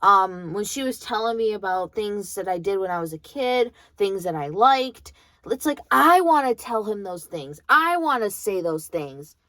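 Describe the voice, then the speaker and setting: A woman's voice: medium pitch, animated, normal speed, hardly any pauses, a bit bright, no echo. A young adult woman venting in a casual monologue, blunt and heated, swearing freely. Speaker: vlogger.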